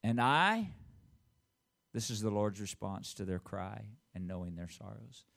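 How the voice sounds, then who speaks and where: A man, the pastor, giving church announcements and then preaching a sermon, leading call-and-response and reading scripture aloud slowly. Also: lowish voice, big pitch swings, vocal fry, fairly bright tone. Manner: reads scripture aloud in a slow, drawn-out voice.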